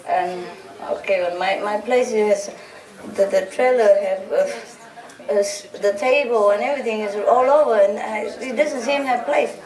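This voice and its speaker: The spiritual teacher's voice is on the high side and darkish, at a moderate pace, heard through a distant mic in a roomy hall. She gives her followers a relaxed, teasing talk, laughing often amid audience laughter.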